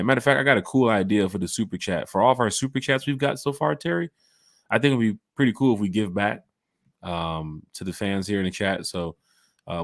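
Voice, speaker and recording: A man hosting a fan podcast in casual chat, telling stories with lively acted-out quotes on a home mic and camera. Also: fairly low pitch, no echo, studio quality. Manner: animated storyteller acting out quotes. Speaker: podcast host.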